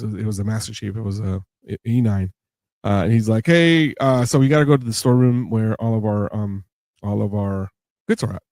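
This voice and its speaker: A man's voice: on the low side, vocal fry, dark tone, no echo. A man hosting a podcast, telling a long story with many fillers and acting out what others said. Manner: rambling, many fillers, laughs and acts out quotes. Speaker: podcast host. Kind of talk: casual storytelling interview.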